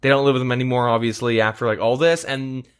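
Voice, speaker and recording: A man's voice: mid-range voice, fairly even intonation, fast, clean tone. A man chatting loosely on a podcast, his sentences wandering and packed with filler words. He swears offhandedly and circles back on himself as he goes. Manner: rambling, filler-heavy, swears casually. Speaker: podcast host. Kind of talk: casual chat.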